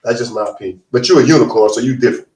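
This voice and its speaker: A man, co-hosting a talk show, arguing in a lively, playful way and acting out what people say. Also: medium pitch, racing. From Galveston, Texas. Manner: animated, playfully argumentative, acts out quotes. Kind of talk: casual panel debate. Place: studio room with distant camera. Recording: roomy sound, mic far off.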